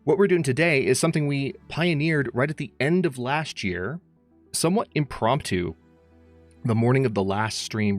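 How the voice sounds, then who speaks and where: A man's voice: mid-range voice, lively intonation, moderate pace. A man hosting a livestream, chatting casually and rambling as he greets viewers by name, speaking into a close mic. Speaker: streamer host. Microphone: close studio mic. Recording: faint music behind.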